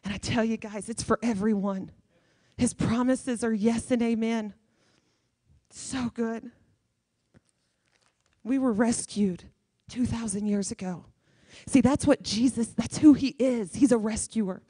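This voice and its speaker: A woman guest speaker preaches in church with emphatic, repeated phrases. Her voice sits fairly high. The sound is dry and close, with little room echo. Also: unhurried, dark tone, husky. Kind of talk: sermon.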